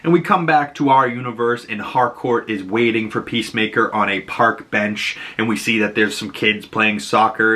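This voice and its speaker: A man's voice: lowish voice, pushed and bright. A man recapping a TV episode in a chatty, casual way, filling his talk with "you know" and "like". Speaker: video reviewer.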